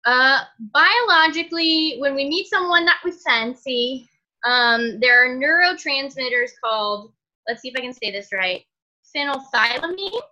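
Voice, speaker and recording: A woman's voice: high-pitched, expressive, moderate pace, pushed and bright, dull audio. A woman co-hosting a podcast, chatting casually and laughing often, with lots of fillers. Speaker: podcast co-host.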